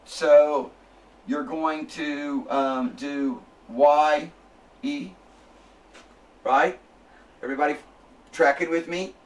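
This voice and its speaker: A man lecturing a classroom, slowly spelling out sounds and checking in with his students. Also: on the high side, fairly even intonation, far from the mic.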